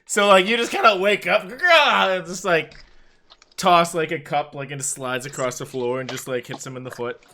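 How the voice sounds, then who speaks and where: A man narrating a tabletop game as game master, animated and laughing often, with a rambling, filler-heavy delivery. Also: on the high side, normal speed, a little hiss or hum.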